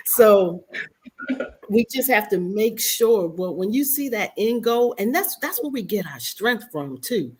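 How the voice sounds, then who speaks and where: A woman's voice: mid-range voice, lively intonation, measured pace, darkish tone, breathy edge. A woman guest speaker giving earnest, motivational answers on a radio talk show, often repeating words as she speaks.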